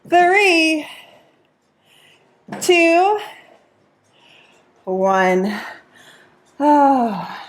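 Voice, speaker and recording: Exercising right along with her class, a female Pilates instructor with a medium-pitched voice counts out reps and offers encouragement, sometimes sounding winded.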